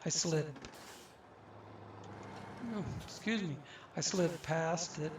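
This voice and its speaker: Male gaming host, unhurried self-talk commentary, slightly high voice, roomy distant mic. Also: noisy background. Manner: slow, musing, talks to himself. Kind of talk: casual gameplay commentary.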